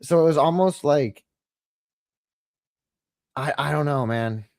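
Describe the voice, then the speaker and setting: A man's voice: a little high, slow pace, darkish tone, no room sound, clean studio sound. A man co-hosting a casual podcast chat, rambling and profane with a mocking tone. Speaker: podcast co-host.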